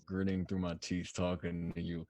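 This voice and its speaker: Podcast host: young American male, very low pitch, animated, laughs a lot. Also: moderate pace. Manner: laughs often, animated, playful mock voices. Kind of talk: casual chat.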